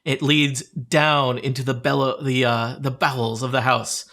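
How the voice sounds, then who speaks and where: Bright-voiced man running a tabletop game. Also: medium pitch, level tone, unhurried. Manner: joking, chuckling often between descriptions. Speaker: game master.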